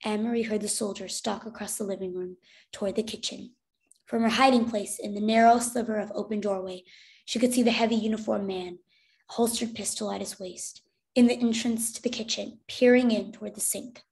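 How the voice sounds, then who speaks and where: A woman, a teacher, narrating a children's novel aloud in an expressive, clear way. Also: medium pitch, a little fast. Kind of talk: storybook read-aloud narration.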